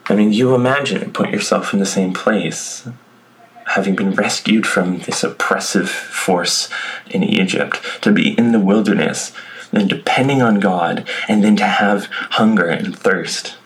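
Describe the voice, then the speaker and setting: A man's voice: fairly low pitch, unhurried, low-quality recording. A man preaching a sermon, reading scripture aloud and then reflecting on it in a conversational way with asides to the congregation. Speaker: pastor.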